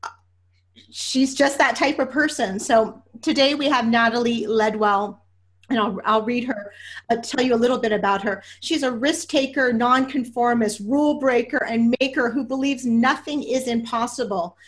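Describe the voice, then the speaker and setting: A woman's voice: fairly high pitch, normal speed. A woman hosting a podcast interview, effusive and emotional, talking with many fillers and restarts. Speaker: podcast host. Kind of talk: casual interview introduction.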